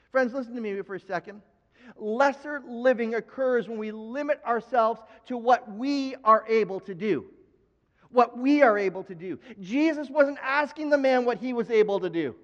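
A man pastor preaching a sermon in an animated way, acting out Bible figures in quick asides. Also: very high voice. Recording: dull sound with long hall reverb.

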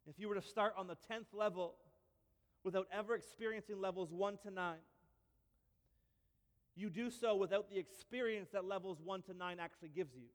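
A male pastor giving a sermon in a church, telling stories with lively humor and repeated phrases. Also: high voice, normal speed, long reverb tail. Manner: animated storytelling with repeats and humor.

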